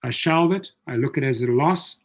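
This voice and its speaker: A man coaching rideshare drivers in a casual livestream. He talks in a chatty, rambling way, picks up viewer comments and often repeats words as he thinks. His voice sits in an ordinary middle pitch. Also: fairly quick. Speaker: rideshare coach answering live chat.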